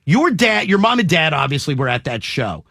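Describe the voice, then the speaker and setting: A man's voice: a little high, sing-song, normal speed, creaky, fairly bright tone, dry recording. A man hosting a morning radio show, eagerly asking a guest questions with frequent restarts. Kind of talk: casual radio interview.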